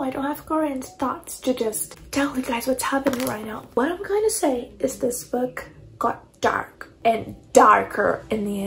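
A woman's voice: high voice, vocal fry, poor audio. A young woman, ranting dramatically and exasperatedly about a book in a casual reading vlog. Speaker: book vlogger.

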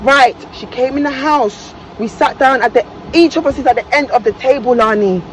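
A woman in a heated argument in a car, angry, upset and near tears, shouting, swearing and talking over everyone. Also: high voice, normal speed, a little hiss or hum, rough recording. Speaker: guest on a reality show. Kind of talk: heated confrontation.

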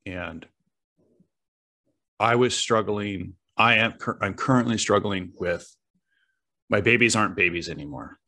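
A middle-aged man hosting a podcast, talking in a reflective and halting way as he searches for his words. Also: lowish voice, sharp tone. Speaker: podcast host. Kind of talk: reflective conversational interview.

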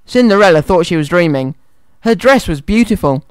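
A man's voice: high voice, lively intonation, normal speed, clean tone, no room sound. A man presenting a children's radio show and reading a story aloud in a cheerful, friendly way, in a studio. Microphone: studio microphone.

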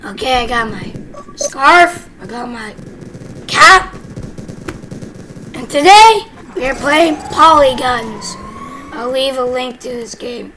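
A woman with a very high, squeaky voice commentates on her own gameplay at an unhurried pace. She squeals and shouts when excited and drops to whispered asides. Clear background noise runs under the recording. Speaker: gaming channel host. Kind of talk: game commentary.

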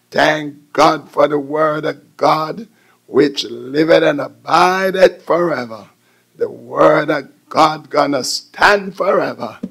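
A man preaching a radio sermon in place of his bishop, with repeated refrains that build to shouts. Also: a little high.

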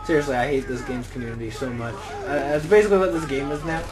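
A man's voice: medium pitch, fast, rough recording. A young man giving casual gameplay commentary as a channel host, rambling and joking and muttering exclamations to himself.

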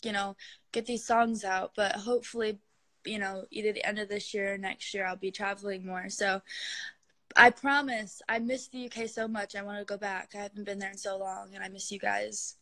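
A woman's voice: medium pitch, fairly even intonation, moderate pace, a bit bright. A young woman chatting with fans on a live stream from her phone, gushing and giggly, sometimes cooing at her cat. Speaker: social media star hosting a live stream.

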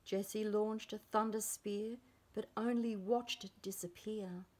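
Unhurried woman reading a picture book aloud. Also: mid-range voice. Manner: unhurried, expressive, lively character voices. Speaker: preschool storybook reader.

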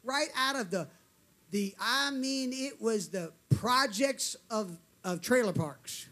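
A male preacher, telling a story in a sermon with animated delivery and calls for amens. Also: very high-pitched, slow pace.

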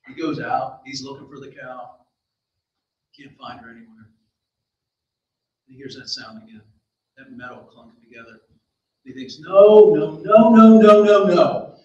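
A man with a high-pitched voice tells a folk tale in a lively, dramatic way, acting out the dialogue. The sound is roomy and echoey, as if the mic is set some way off. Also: recorded from a distance, highs cut off. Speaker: storyteller. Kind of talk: told folk story.

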